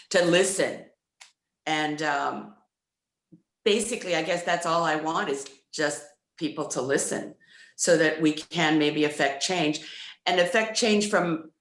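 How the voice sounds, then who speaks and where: A woman's voice: low voice, fairly bright tone, echoey room. A woman actor answering a press question on a video call, hesitant and thoughtful, laughing between phrases. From United States. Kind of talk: virtual press conference answer.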